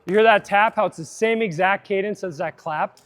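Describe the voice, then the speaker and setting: A man's voice: high voice, brisk, fairly bright tone. A man coaching a live fitness seminar, upbeat and chatty, drifting into side tangents.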